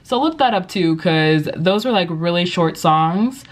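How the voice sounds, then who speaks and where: Chatty young woman vlogging, lowish voice. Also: expressive, measured pace. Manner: chatty and upbeat, full of likes and you-knows. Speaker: English teacher. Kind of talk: casual advice vlog. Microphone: compact vlogging camera.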